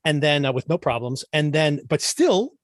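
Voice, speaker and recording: A man's voice: a little high, big pitch swings, normal speed, dry recording. A man hosting a podcast, giving a casual, sarcastic review of a TV show with exasperated asides and bursts of laughter. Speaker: podcast host.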